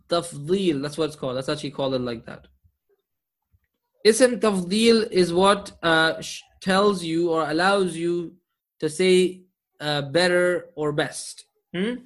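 Patient male teacher quizzing his class. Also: high-pitched. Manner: patient, quizzing students with frequent "okay?" and "hmm?". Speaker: Arabic teacher. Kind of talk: classroom grammar lesson.

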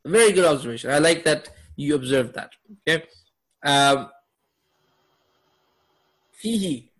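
A man with a fairly high voice teaches a class on Quranic Arabic. He keeps quizzing his students and laughs often as he goes. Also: animated, unhurried, a bit bright. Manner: asks students questions, upbeat with laughs. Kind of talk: classroom lesson.

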